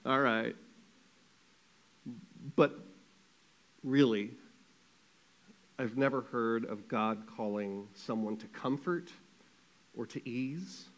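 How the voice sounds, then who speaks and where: A pastor with a medium-pitched voice preaches a sermon, telling a story in a lively, conversational manner full of quick asides.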